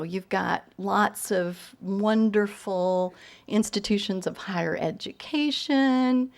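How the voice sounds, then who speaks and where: A woman's voice: mid-range voice, darkish tone. A Southern woman from Tennessee, a novelist telling funny, self-deprecating stories at a reading. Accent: Southern American. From East Tennessee. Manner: chatty, self-deprecating, with frequent fillers and laughs. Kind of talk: humorous storytelling talk.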